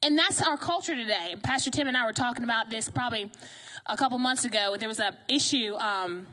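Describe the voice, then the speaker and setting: High-voiced woman preaching animatedly. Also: fairly quick. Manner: animated, conversational, asks the congregation questions. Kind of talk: sermon.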